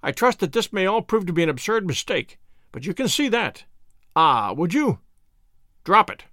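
A man voicing an excitable Victorian police inspector who speaks in raised, urgent bursts. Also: high voice, moderate pace, dry recording, clean studio sound, exaggerated voice.

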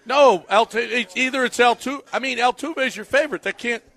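A man hosting a live radio show from a bar, throwing in quick, brash jokes and reading ads. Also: extremely high pitch, a bit bright. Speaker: radio host. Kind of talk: live radio chat and ad reads. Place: bar during a live broadcast.

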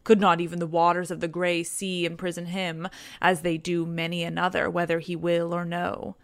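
A woman's voice: fairly low pitch, flat delivery, normal speed, dry recording, lightly acted. A woman reading the lines of a proud, wrathful male warrior hero from an ancient epic, in a stern and scornful tone.

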